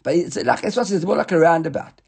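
A man's voice: a little high, expressive, moderate pace, creaky, slightly rough. A man teaching an informal Talmud study class, reading passages aloud and explaining them in English with frequent restarts and self-corrections.

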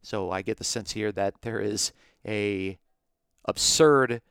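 A man with a lowish, smooth and resonant voice gives a podcast Bible lesson. He works through each point methodically, one step at a time. The sound is close and dry, with no room around it. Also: slow pace, fairly bright tone, no echo. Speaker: Bible teacher.

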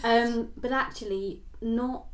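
A woman co-hosting a casual podcast, often pausing and restarting her sentences. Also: a little high, steady tone, a little hiss or hum. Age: 30s. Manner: hesitant, restarts mid-sentence. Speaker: podcast co-host. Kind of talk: casual book chat.

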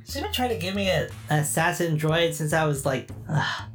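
A woman's voice: deep voice, lively intonation, fairly quick, soft background music. A woman playing a tabletop role-playing game, matter-of-fact and a bit impatient. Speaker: player.

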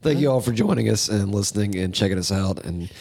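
A man's voice: lowish voice, animated, fast talker, gravelly, a little mellow, husky. A man co-hosting a metal podcast, chatting casually, swearing and joking a lot. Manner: profane, joking, laughs often. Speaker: podcast co-host. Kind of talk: casual chat.

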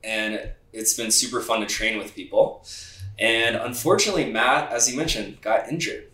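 A man's voice: fairly low pitch, moderate pace. Easygoing male podcast host. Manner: easygoing, relaxed. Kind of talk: casual podcast intro and chat. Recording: roomy echo.

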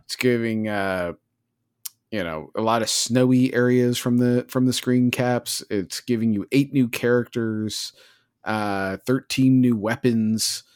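A man co-hosting a casual gaming podcast, animated and sarcastic, slipping into mocking voices. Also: mid-range voice, measured pace, smooth. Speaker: podcast co-host. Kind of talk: casual gaming news chat.

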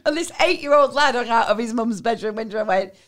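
A woman's voice: on the high side, expressive, fast, slight background noise. A woman with a bawdy, laughing way of talking, chatting casually as a podcast co-host. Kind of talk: casual chat.

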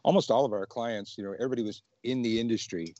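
A man's voice: mid-range voice, fast, dark tone, dry recording, highs cut off. A man, a witchcraft teacher, chatting casually as a guest and laughing often. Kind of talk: casual video-call chat.

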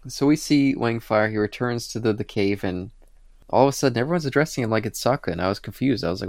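A man co-hosting a podcast, retelling comic scenes in a casual, animated way and acting out the characters' lines. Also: on the low side, a little fast, vocal fry, long pauses, no room sound, studio quality. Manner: animated retelling with acted-out quotes. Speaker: podcast co-host. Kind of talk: casual comic book discussion.

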